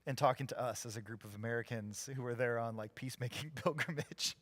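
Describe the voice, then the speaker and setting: Man, pastor, storytelling sermon, lively, acts out quotes, dry close mic. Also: mid-range voice, quick pace, no room sound. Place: church sanctuary, live.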